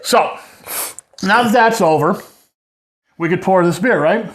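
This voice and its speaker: A man's voice: high-pitched, unhurried, slight background noise. A middle-aged man hosting a casual beer review at home, chatty and joking with rambling asides. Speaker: show host.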